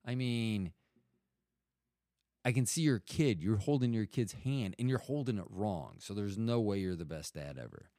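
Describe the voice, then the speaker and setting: A man's voice: fairly low pitch, lively intonation, a little slow, warm tone, no room sound, studio quality. A middle-aged man telling a rambling, profane story in casual talk, often cutting himself off. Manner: rambling, profane, self-interrupting.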